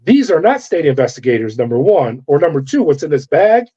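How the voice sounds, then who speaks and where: A man's voice: a little high, big pitch swings, a little fast, warm tone, slightly rough. A middle-aged man from California, a former corrections officer, telling his story in an interview and acting out the voices of the people in it. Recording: dull lo-fi audio.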